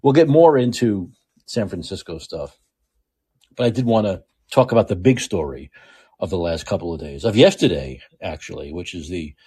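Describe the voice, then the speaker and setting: A man with a New York accent delivers a political commentary monologue, hammering his points home by saying them again and again. His voice sits fairly low, with a husky edge and a warm, dark tone, and his pitch swings widely as he presses each point. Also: animated, moderate pace. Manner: emphatic and repetitive, restating points. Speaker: show host.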